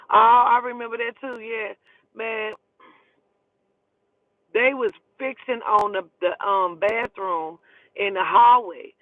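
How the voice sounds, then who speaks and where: A man from Oklahoma telling animated, profane stories in a casual way, often calling the listener "child". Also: high voice, slow pace, long pauses, dry recording. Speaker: storyteller. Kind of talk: casual storytelling. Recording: dry tinny phone-like sound.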